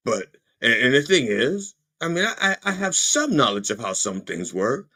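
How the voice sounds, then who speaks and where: A man hosting a podcast, delivering an animated, profane comedic political rant with frequent stammered restarts. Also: mid-range voice, normal speed, slightly rough. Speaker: podcast host.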